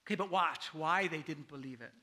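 Bright high-voiced man preaching casually. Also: fairly quick. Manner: casual, asks "right?" often, acts out quotes. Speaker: pastor. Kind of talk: conversational sermon.

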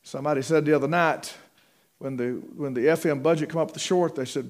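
A man's voice: a little high, a little fast. A man preaching a sermon in a folksy, rambling way, with many fillers and restarts.

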